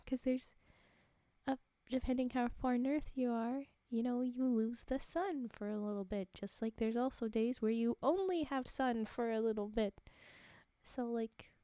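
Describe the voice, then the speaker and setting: A woman's voice: high voice, fairly even intonation, a little slow, mellow, dry recording, clean studio sound. A young adult woman reading folktales on a livestream, breaking off into giggly, chatty asides. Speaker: livestream storyteller.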